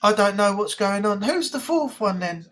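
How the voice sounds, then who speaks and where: A woman's voice: medium pitch, animated, moderate pace, a bit bright. A woman hosting a casual weekly live chat, rambling and chatty with lots of ums. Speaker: live stream host.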